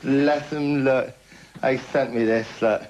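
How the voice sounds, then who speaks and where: A man's voice: mid-range voice, fairly even intonation, slow, a little mellow. Boastful man, dull noisy TV tape. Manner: boastful, name-dropping, chatty with tag questions. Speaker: comedy show host. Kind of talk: comic monologue to camera. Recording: dull lo-fi TV recording with noise.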